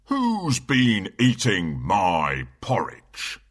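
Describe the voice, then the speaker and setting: A man voicing a big, gruff father bear in a children's storybook cartoon, speaking slowly. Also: wildly swooping pitch, no echo, studio quality, full character voice. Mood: indignant. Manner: slow, booming and gruff.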